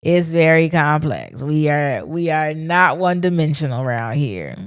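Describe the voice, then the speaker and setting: A woman's voice: deep voice, expressive, moderate pace, clear, resonant tone, no echo, studio quality. A woman hosting her own podcast, talking candidly and casually in a reflective solo monologue, with slang. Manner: candid, conversational, speaks her mind with slang. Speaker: podcast host.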